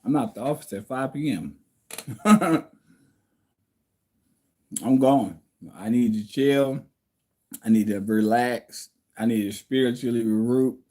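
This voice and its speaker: A man's voice: fairly low pitch, warm tone. A man hosting a casual livestream from home, reading viewer comments and answering them bluntly, like a lecture.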